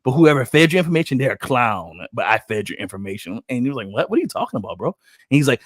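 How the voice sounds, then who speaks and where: A man's voice: medium pitch, fast talker, no room sound, clean studio sound. A man hosting a casual podcast, telling stories and acting out other people's quotes in a joking, profane way. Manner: animated storyteller who acts out other people's quotes. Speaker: podcast host.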